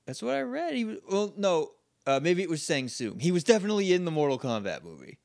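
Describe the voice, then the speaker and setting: A man's voice: high voice, very animated, fast, vocal fry, darkish tone, dry recording, clean studio sound. A man co-hosting a podcast in casual chat, making playful, jokey asides. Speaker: podcast co-host.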